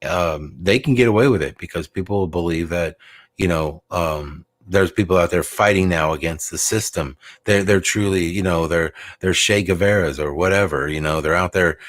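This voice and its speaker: A man's voice: sits low, normal speed, fairly bright tone, no echo. A man hosting a casual talk show, rambling with many fillers and restarts as he thinks aloud.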